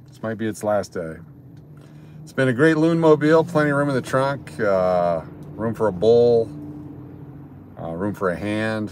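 A man's voice: on the low side, a little hiss or hum. A man livestreaming from his parked car in a parking garage, chatting casually and greeting viewers by name between rambling remarks. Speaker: livestream host. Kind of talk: casual live chat with viewers.

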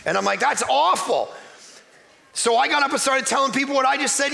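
High, energetic man preaching a sermon. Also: moderate pace, creaky. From Canada. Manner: energetic, emphatic, joking with the crowd. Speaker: guest pastor. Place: church.

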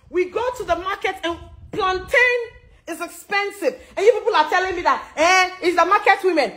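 A Ghanaian woman with a strikingly high voice rants about the cost of living. She is loud, fearless and fiery, cursing freely as she speaks. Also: poor audio. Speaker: social media commentator. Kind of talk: angry political rant.

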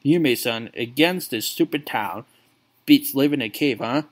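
A man's voice: medium pitch, normal speed, voice pushed down, natural voice. A man voicing a bitter, drunken father in a video game playthrough, speaking in a sneering, scornful way. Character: drunken, bitter middle-aged father, gruff.

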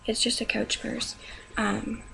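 Quiet-spoken young woman on a hissy webcam. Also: a little high, little pitch movement, vocal fry. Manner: talks slow and quiet, rambling. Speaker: beauty vlogger. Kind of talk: casual show-and-tell vlog. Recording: noisy webcam recording.

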